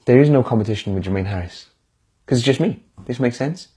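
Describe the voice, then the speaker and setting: A man's voice: mid-range voice, animated, fast, mellow, breathy edge. A man speaking as a motivational speaker on a live stream, encouraging viewers directly in a casual pep talk. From United Kingdom.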